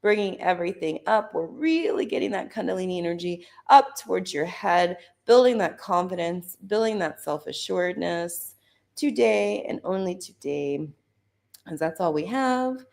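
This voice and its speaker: Gravelly low-voiced woman leading yoga. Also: animated, moderate pace, darkish tone. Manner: casual, chatty instruction with fillers; rhythmic chanting of mantras. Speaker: holistic doctor leading yoga. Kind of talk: live guided Kundalini yoga class.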